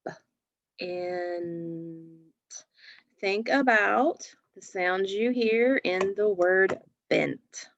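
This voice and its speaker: A woman's voice: mid-range voice, extremely slow, long pauses, no room sound, dull audio. A woman teaching a phonics lesson to young children, patiently sounding out letters and words.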